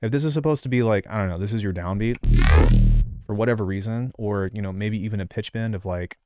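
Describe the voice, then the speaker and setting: In a quick, lowish voice, a man walks through music production in a casual screen-recorded tutorial. He speaks on a close desk mic, rambling offhandedly with lots of fillers and asides.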